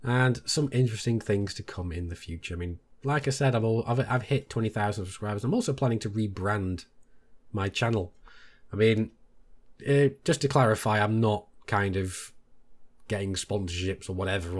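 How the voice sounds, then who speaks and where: Animated British man telling a story. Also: brisk. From Britain. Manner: animated, jumps much higher when quoting others. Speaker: gaming YouTuber. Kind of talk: casual storytelling to camera.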